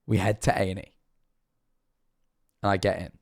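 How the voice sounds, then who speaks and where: A man telling a self-mocking story to his stream, animated and swearing freely. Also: sits low, normal speed, no room sound, clean studio sound. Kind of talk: casual storytelling to a live stream chat.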